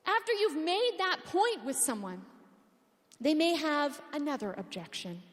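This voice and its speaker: Brief: high-voiced woman conference speaker, lively and joking, long hall reverb. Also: a little slow. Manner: animated, humorous, full of rhetorical questions. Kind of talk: conference talk.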